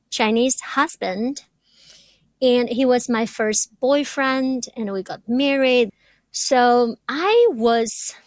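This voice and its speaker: Slow-spoken woman who stutters. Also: fairly high pitch, dry recording. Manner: stutters, with repeated words. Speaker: doctoral student. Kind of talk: reflective interview answers.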